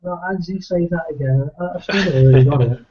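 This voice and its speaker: A man's voice: a little high, fast talker, muffled recording, slight background noise. A man chatting casually with friends online, telling stories and laughing along. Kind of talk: casual banter.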